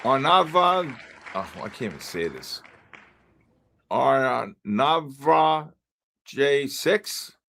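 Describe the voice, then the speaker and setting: Hosting a live trading stream, a man calls out viewer names one after another like an auctioneer. His voice is a little high, gravelly, and fairly bright.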